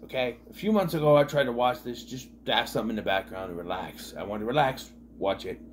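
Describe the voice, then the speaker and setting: A man's voice: mid-range voice, slight background noise. A man reviewing an old comedy film in a casual vlog, rambling with restarts and fillers.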